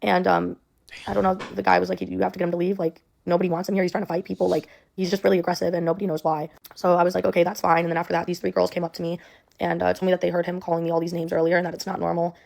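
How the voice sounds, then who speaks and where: A woman's voice: fairly low pitch, racing, vocal fry, darkish tone. A young woman telling a personal story in a rambling way, full of "like" and "um". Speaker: storyteller in a clip.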